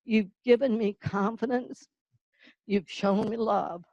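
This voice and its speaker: Older woman, warmly folksy presenter; unhurried delivery, close dry mic, slightly muffled. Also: mid-range voice, fairly even intonation, dry recording. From North Carolina-Virginia border, US. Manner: folksy storyteller, slow and emotional. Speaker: award presenter. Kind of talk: heartfelt tribute speech.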